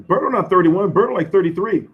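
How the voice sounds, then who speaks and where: Man, live-stream host, hoarse, loose profane banter, slightly high voice. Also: lively intonation, fast talker, phone-quality sound. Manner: loose, profane, slangy banter answering chat. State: losing his voice. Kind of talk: casual live-stream chat.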